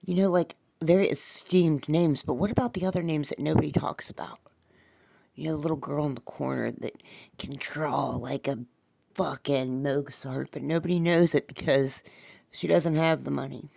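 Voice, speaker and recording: A woman's voice: low-pitched, steady tone, moderate pace, vocal fry, dark tone. A woman hosting her own podcast, talking in a loose, rambling way, swearing casually and musing about spiritual things. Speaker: podcast host.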